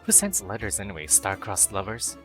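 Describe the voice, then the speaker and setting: A man's voice: lowish voice, wildly swooping pitch, fairly quick, over music. A man streaming a dating sim, reading the story aloud and breaking in with playful, crude jokes and silly noises. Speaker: VTuber game streamer.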